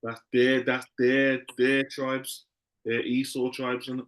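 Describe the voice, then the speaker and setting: A man's voice: medium pitch, flat delivery, takes it slowly, fairly bright tone. A man teaching a class in a loose, conversational way, often repeating himself.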